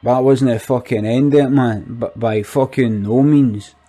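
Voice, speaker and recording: A man plays a foul-mouthed, skint young Glaswegian in a sweary comic monologue, ranting incredulously. Delivery is slow and dark-toned, with medium pitch, fairly even intonation and a natural voice. He rambles, repeats himself and swears constantly.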